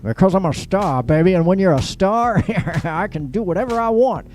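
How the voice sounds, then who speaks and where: A man's voice: sits high, expressive, normal speed, a little mellow, a little hiss or hum, pitched above the performer's own voice. A man voicing a boastful, grabby male celebrity who swaggers and then whimpers like a child, in a comedy sketch. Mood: swaggering.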